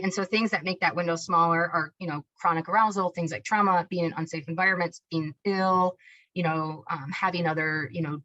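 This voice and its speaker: A woman's voice: on the low side, pushed and bright. A woman giving an informal presentation about child behavior, talking conversationally and often checking in with "right?" and "you know". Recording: dull lo-fi recording.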